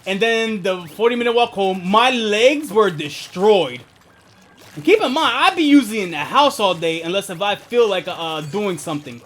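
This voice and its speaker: It's casual gaming stream chat from an asthmatic young man, rambling, profane, and full of laughter. His high voice is expressive and a bit bright, at a moderate pace.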